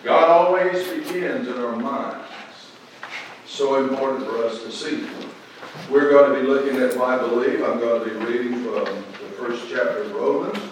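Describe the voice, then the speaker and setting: A man delivers a folksy sermon from the pulpit of a large church sanctuary, his mid-range voice swelling into emphatic bursts. He sounds far from the mic, with heavy echo filling the hall. A steady wash of room noise sits underneath. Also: mid-range voice, normal speed. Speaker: pastor.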